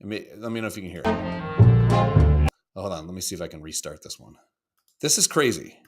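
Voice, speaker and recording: A man co-hosting a podcast, chatting casually about videos in a profane, excitable, rambling way. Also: low voice, quick pace, soft background music. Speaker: podcast co-host. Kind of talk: casual chat reacting to videos.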